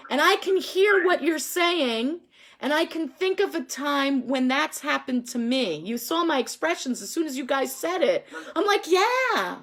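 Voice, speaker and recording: A woman facilitating a group discussion over a video call, upbeat and encouraging, quick to laugh. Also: high voice.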